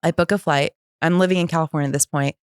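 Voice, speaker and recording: A woman in her thirties, a podcast guest telling a candid personal story and acting out the voices of others with lively pitch jumps. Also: fast, clean tone, no echo, studio quality. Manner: animated, acts out quoted voices with pitch jumps.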